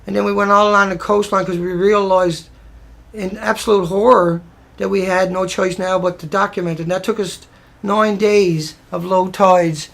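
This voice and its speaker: Gravelly-voiced man rambling over photos. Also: high-pitched, a bit bright. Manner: rambling, plain-spoken, restarts often. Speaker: presenter walking viewers through photos. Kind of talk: casual talk over a slideshow.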